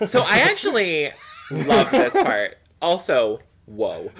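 A podcast co-host with a bright, tense voice and a lively, swooping pitch. They chat casually, full of enthusiasm and quick jokes. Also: slightly rough.

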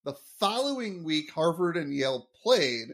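A man's voice: on the high side, big pitch swings, moderate pace, fairly bright tone. A man co-hosting a podcast in casual chat, joking, laughing often and explaining sports trivia. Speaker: podcast co-host. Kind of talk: casual episode recap chat.

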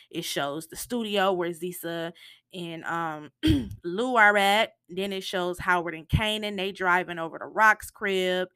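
A woman with a bright, forceful voice talks through a TV episode in an animated, emotional monologue. She uses slang and cursing, and acts out lines from the show. The sound is dry and close. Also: fairly low pitch, no echo. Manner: acts out quotes from the show, sometimes in a hushed voice. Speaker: TV recap podcaster. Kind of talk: casual recap monologue.

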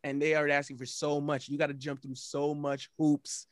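A man's voice: a little high, flat delivery, moderate pace, no room sound, studio quality. A man co-hosting a podcast, making emphatic points in casual chat and often repeating himself.

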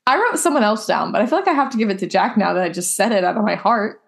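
A woman's voice: mid-range voice, expressive, fast talker, vocal fry. Young woman, podcast co-host, loose rambling chat full of fillers. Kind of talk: casual chat.

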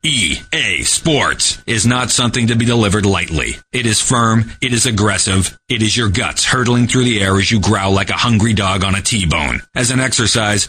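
Brief: lower-voiced man, bright tense tone, emphatic mock-serious instructor. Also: expressive, normal speed, hardly any pauses, a little hiss or hum.

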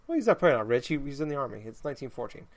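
A man's voice: medium pitch, big pitch swings, very fast, crowd noise. A man in an easygoing conversation, his voice sitting right in the middle of the usual range. He circles around his point, stumbling over words and starting sentences again and again. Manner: rambling, many restarts while explaining. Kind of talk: casual chat.

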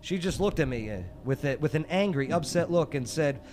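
A man's voice: on the high side, animated, brisk, noisy background. A man hosting a radio show, playfully setting up pun riddles for his co-hosts. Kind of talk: joking trivia banter.

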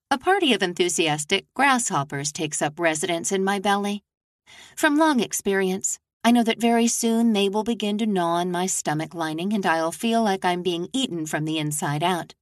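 A woman reading her novel aloud in a measured, first-person narration. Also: fairly low pitch, no room sound, studio quality.

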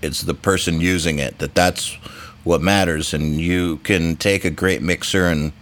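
Deep-voiced podcast host. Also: male voice, fairly even intonation, a little slow, a bit bright. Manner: agreeable, laughs easily. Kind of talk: casual podcast interview.

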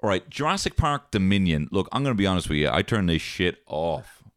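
A man with a very low, deep voice talks films in a loose, animated way, swearing freely and slipping into quoted lines. The recording is dry and close, with no room sound. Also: brisk, clean tone, no echo. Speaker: podcast co-host reviewing films. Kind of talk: casual chat.

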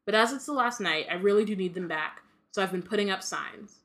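A woman's voice: medium pitch, brisk, fairly bright tone, lightly acted. A woman reading aloud the lines of a dreamy, odd teenage girl in a light voice.

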